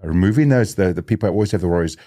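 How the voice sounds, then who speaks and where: Very deep-voiced podcast host. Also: male voice, rapid-fire, mellow. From South Africa. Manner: conversational, frequent fillers and restarts while thinking aloud. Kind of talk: casual podcast conversation.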